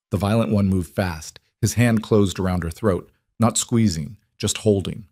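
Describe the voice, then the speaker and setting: A man narrates a crime story in a measured, tense delivery. His voice sits low and the sound is dry and close, with no room around it. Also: darkish tone, no room sound. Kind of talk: scripted dramatic narration.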